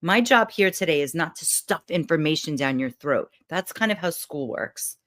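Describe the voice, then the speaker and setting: A woman's voice: low voice, lively intonation, moderate pace. A woman giving a motivational talk, guiding listeners through breathing and visualizing exercises. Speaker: motivational speaker.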